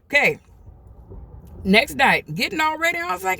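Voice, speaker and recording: A woman from the US telling a personal travel story in a chatty, animated vlog, acting out what people said. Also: sits high, moderate pace, creaky, long pauses, no echo. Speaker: vlogger. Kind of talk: casual storytime.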